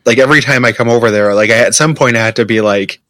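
A man's voice: medium pitch, fast, a bit bright, dry recording. A man co-hosting a podcast in casual chat, rambling with lots of fillers and frequent laughter. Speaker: podcast co-host.

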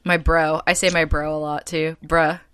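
A woman co-hosting a casual podcast, animated and jokey, often mimicking voices. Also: deep voice, moderate pace, clear, resonant tone. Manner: animated, jokey, slips into a chirpy customer-service voice. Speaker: podcast co-host. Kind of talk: casual chat.

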